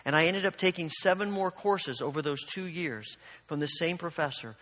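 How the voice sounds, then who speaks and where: Here a man preaches at a moderate pace, his voice on the high side and fairly bright. He shares a personal story, then presses his listeners forward with growing fervor, all in a recording with long hall reverb.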